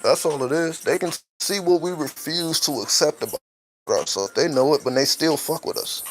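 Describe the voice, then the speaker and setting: A man's voice: a little high, moderate pace, slight background noise, rough recording. A man hosting a late-night talk show, musing openly as a father in a loose, profane monologue that keeps checking in with "right?". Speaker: podcast host.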